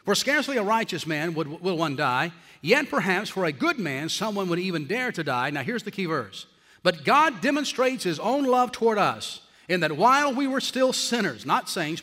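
A man preaching a sermon as pastor to his congregation, emphatic and slowing down hard on his key phrases. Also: high voice, big pitch swings, pushed and bright. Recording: long reverb of a large hall.

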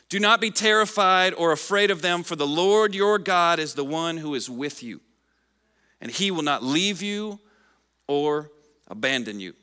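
A man preaching a sermon, reading scripture aloud and repeating key lines for emphasis, his voice dropping low at the ends of phrases. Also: sharp tone, long reverb tail. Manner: reads scripture aloud to the congregation. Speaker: pastor.

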